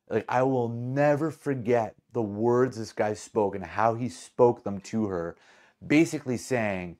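A man hosting a podcast and telling a story casually, with an animated, rambling delivery full of self-corrections. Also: medium pitch, moderate pace. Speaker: podcast host.

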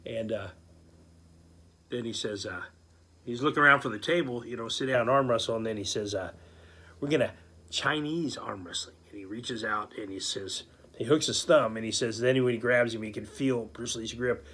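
A man casually telling a story aloud, animated, with many fillers, and he acts out what people said. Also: mid-range voice, normal speed, breathy edge. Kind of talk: casual spoken anecdote.

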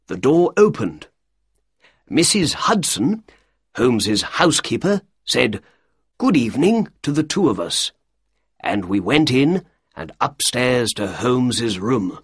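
A man narrating a storybook in a slow, clear reading style. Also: mid-range voice, big pitch swings, no echo, studio quality.

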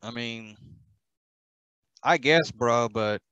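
A man's voice: mid-range voice, extremely slow, a bit bright, clean tone, no room sound, lo-fi sound. A man co-hosting a podcast, teasing his co-host with dry, blunt remarks during casual banter.

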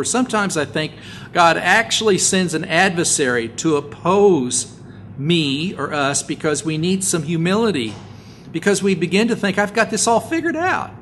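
A middle-aged man preaching a sermon, telling stories in a folksy way and rising loud and high to stress his points. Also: animated, moderate pace, a little hiss or hum. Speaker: pastor.

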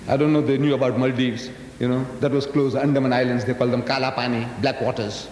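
A man's voice: medium pitch, flat delivery, fast, darkish tone, a little hiss or hum. An older man from South Africa giving a public lecture to a live audience, folksy and teasing, often questioning his listeners directly. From South Africa, of Indian descent. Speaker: Islamic lecturer. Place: large lecture hall with audience. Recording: echoey hall, 1980s live recording.

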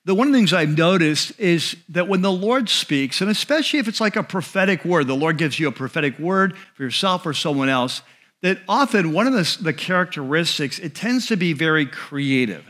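A male pastor giving a sermon in a conversational way, slowing and dropping his voice on key phrases. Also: fairly high pitch, animated, a bit bright. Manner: conversational preaching with restarts and asides.

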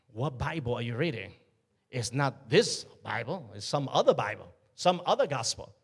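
A male pastor preaching a sermon, emphatic, with call-and-response and sudden loud bursts. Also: medium pitch, very animated, moderate pace, slightly rough.

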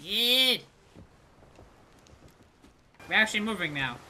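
A man hosting a let's play gaming video, commenting with excitable, jumpy reactions and exclamations. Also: high voice, unhurried, long pauses, background noise.

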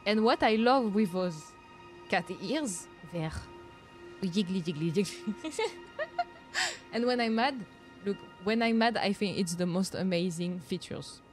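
A woman's voice: medium pitch, unhurried, soft background music. A young woman with a French accent chatting casually to viewers while streaming a video game, giggling often and reacting aloud. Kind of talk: casual live-stream chat.

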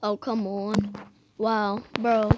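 Slow-talking woman rambling over gameplay. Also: mid-range voice, flat delivery, very noisy. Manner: rambling, exclaiming, restarts sentences often. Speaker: gamer. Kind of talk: casual gameplay commentary.

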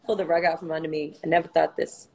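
A woman's voice: sits low, flat delivery, rapid-fire, rough recording. A woman, a singer hosting her own livestream, chatting casually and playfully between songs, swearing and laughing easily.

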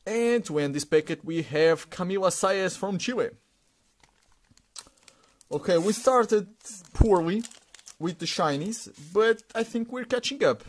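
A man's voice: high voice, expressive. Man narrating a sticker unboxing. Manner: halting, repeats words, stumbles over names, chuckles. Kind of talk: casual unboxing commentary.

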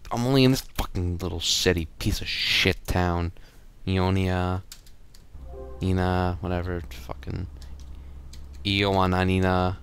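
Low gravelly gamer swearing at traffic. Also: male voice, slow pace, pauses often. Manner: swears a lot, frustrated and excitable. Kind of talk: casual let's play commentary.

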